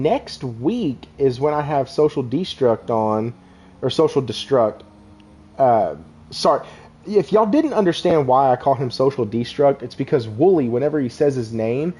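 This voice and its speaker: A man's voice: medium pitch, a little mellow, breathy edge. A young man hosts a casual live stream, rambling and laughing as he talks to viewers in the chat. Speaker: podcast host.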